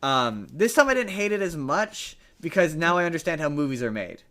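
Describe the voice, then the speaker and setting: A man's voice: fairly high pitch, sing-song, a little fast, pushed and bright. A man hosting a casual podcast chat, chatty, teasing and rambling. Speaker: podcast host.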